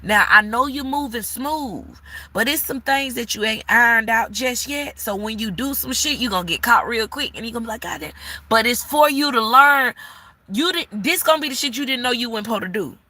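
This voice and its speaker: A woman's voice: fairly high pitch, normal speed, bright, forceful tone, dry recording. A woman giving a live-stream tarot reading, sassy and blunt, cursing freely and scolding the viewer like an auntie. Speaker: tarot reader.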